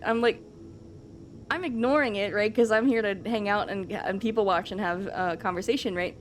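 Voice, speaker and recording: A woman's voice: mid-range voice, moderate pace, slight background noise. A woman streamer chatting casually with her live audience, rambling along with lots of fillers and the odd swear.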